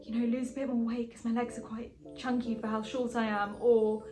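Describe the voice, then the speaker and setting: A young woman in her twenties talking to camera in a casual, earnest way, with animated asides. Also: a little high, a little fast, crowd noise. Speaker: vlogger. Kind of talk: casual motivational vlog. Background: background music.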